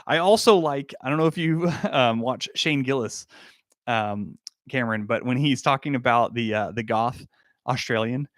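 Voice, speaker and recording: A man's voice: mid-range voice, moderate pace, a bit bright, dry recording, studio quality. A young man hosting a casual livestream, reading chat comments and laughing often. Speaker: livestream host answering chat.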